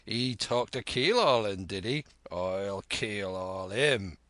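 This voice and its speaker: Guy reading a crafty old pirate cook, slow blustery sailor talk, dry close sound. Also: on the low side, expressive, a bit bright, no room sound, voice pushed down. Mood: blustering. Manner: salty sailor slang, bluff and wheedling. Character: cunning one-legged old male sea cook, blustering. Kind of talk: audiobook character reading.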